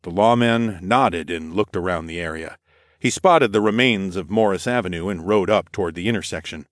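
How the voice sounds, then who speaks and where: Male narrator, low register, steady first-person storytelling, close dry mic. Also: normal speed, no room sound. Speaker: audiobook narrator.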